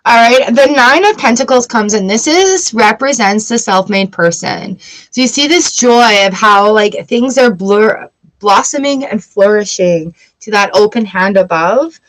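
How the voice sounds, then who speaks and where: Speaking at a medium pitch, a Canadian tarot reader in middle age runs a relaxed live reading, animated, a little slow and fairly bright in tone. She's chatty and prone to giggles as she addresses viewers, though the audio is low quality.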